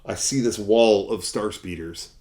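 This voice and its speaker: A man telling a collecting story to camera in a mock-epic style, swinging from loud to hushed. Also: lowish voice, measured pace. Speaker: toy collector vlogger.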